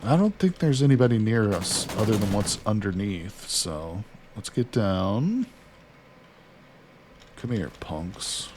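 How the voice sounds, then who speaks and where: A man's voice: fairly low pitch, big pitch swings, a little slow, a little mellow, a little hiss or hum. A man casually commentating as he plays a survival game, chatting to himself and to his character. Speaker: gaming streamer. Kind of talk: casual let's-play commentary.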